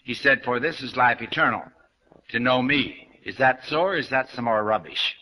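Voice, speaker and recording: Blunt older man lecturing, bright tone. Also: medium pitch, lively intonation, moderate pace, poor audio. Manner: blunt, questioning, speaks straight to listeners. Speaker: New Thought lecturer. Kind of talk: spiritual lecture to an audience.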